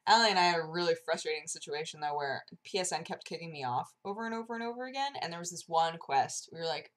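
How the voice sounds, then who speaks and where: A woman's voice: on the low side, animated, quick pace, hardly any pauses, a bit bright. Bubbly young woman with a sore throat. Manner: bubbly, gushing, heavy use of "like". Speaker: vlogger. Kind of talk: casual vlog chat.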